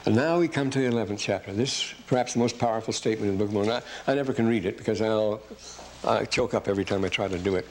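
A man giving an unscripted lecture on scripture, often losing his place, correcting himself and reading verses aloud with slow emphasis. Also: fairly low pitch, darkish tone, slight background noise, low-quality recording.

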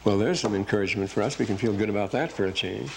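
A man giving an unscripted lecture on scripture, often losing his place, correcting himself and reading verses aloud with slow emphasis. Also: fairly low pitch, creaky, a little mellow, a little hiss or hum, rough recording.

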